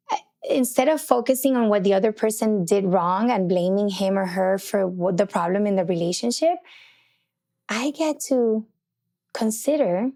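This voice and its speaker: A woman's voice: mid-range voice, normal speed, dark tone. A middle-aged woman hosting a faith and relationships podcast, telling a personal story in a candid, chatty way and acting out her own thoughts. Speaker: podcast host.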